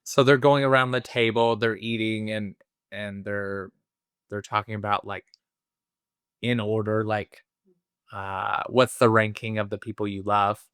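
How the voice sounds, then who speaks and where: A man retells a film's plot for a review podcast in an easygoing, meandering way. His voice sits low and comes through smooth and resonant. The sound is dry and close, with no room around it. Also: little pitch movement, measured pace, fairly bright tone, no echo. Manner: rambling, many fillers and restarts, acts out quotes. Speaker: film review podcast co-host. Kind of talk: casual chat retelling a film plot.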